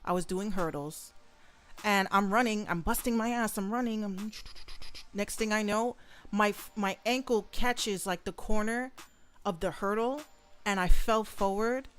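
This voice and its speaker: A young woman talks straight into her own podcast from her bedroom, blunt and animated and swearing freely. Her voice sits at an ordinary middle pitch, and faint music runs softly underneath. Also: measured pace, clear, resonant tone. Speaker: podcast host and rapper. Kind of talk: casual solo podcast rant.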